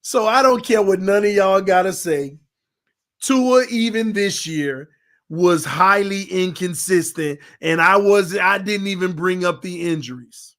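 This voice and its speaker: Man, high voice, fan sports commentary, animated, shouts and laughs. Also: measured pace. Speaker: sports channel host. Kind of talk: casual fan commentary livestream.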